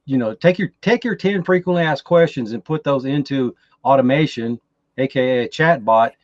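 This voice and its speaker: Halting Texan man, slightly dull sound. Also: medium pitch, dry recording. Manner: halting, repeats words as he explains. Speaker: podcast guest, chatbot enthusiast. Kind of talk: casual interview talk.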